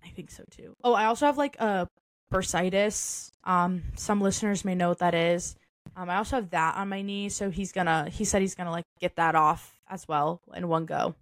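This young podcast co-host speaks at normal speed in a lowish voice with fairly even intonation, on a dry recording. She keeps the conversation loose and talkative, laughing frequently and using plenty of "like" and "um" fillers.

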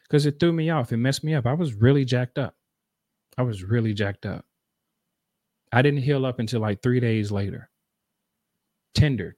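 A man's voice: medium pitch, a little mellow, no room sound, clean studio sound. A man, earnestly telling a personal story in a conversational, repetitive way to make a motivational point.

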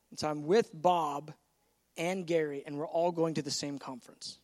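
A man preaching a sermon, telling a story in an animated way and acting out the voices of the people in it. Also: on the high side, normal speed, long reverb tail. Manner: animated, acts out voices in stories.

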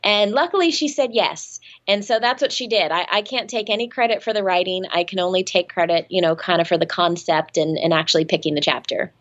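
A woman guest in a casual interview, telling stories in an animated, self-deprecating way and laughing often. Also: on the low side, a little fast, hardly any pauses, muffled recording.

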